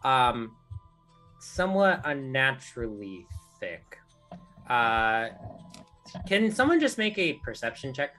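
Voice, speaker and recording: A man's voice: medium pitch, big pitch swings, slow, pauses often, sharp tone, soft background music. A man running a tabletop game as game master, narrating hesitantly with many fillers.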